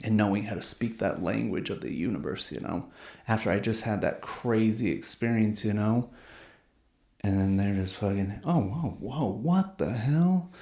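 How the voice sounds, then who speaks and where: A man's voice: fairly low pitch, steady tone, moderate pace, creaky, a little mellow. A man hosting a podcast, telling stories in a casual, slangy way, swearing and saying "dude" a lot. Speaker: podcast host. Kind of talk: casual storytelling chat. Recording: roomy echo.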